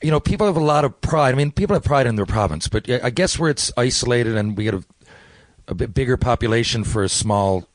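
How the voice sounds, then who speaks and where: Newfoundland guy rambling through stories on a call from home, dry sound, average pitch. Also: fast, no echo. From Newfoundland, Canada. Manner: rambling storyteller, many restarts. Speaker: actor, guest. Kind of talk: casual interview chat. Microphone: remote interview from home.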